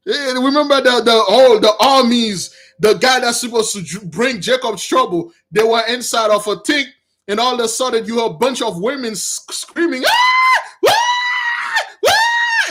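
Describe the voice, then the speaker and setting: A man hosting casual religious commentary on news stories, rambling and animated, calling his listeners brothers. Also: very high-pitched. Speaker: channel host.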